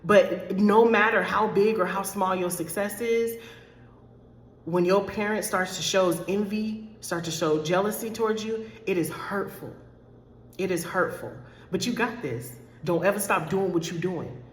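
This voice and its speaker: A woman's voice: mid-range voice, a little slow, a little hiss or hum. A woman life coach talks straight to her followers, candid and close to tears, stumbling and repeating herself. Her voice sits in a middle range. The room rings with a long, echoing reverb. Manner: candid, emotional, repeats herself, addresses viewers as y'all. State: choked up, near tears. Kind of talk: direct-to-camera talk to followers.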